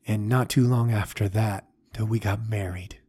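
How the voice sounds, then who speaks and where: A man telling of a gentle old man. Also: on the low side, fairly even intonation, moderate pace, husky. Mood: reflective. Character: gentle old man recounting his heartbreaks.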